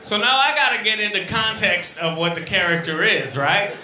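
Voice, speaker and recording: Animated, profane male stand-up comic. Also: high voice, normal speed, a little hiss or hum. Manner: animated, profane, swings from shouting to muttering. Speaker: stand-up comedian. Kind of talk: stand-up routine. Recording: echoey club room with ambience.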